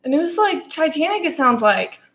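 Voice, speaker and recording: A woman's voice: sits high, sing-song, fairly quick, very noisy. A young woman co-hosting a casual podcast, playful and laughing often, telling stories with dramatic flair. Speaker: podcast co-host. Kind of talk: casual chat. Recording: echoey room.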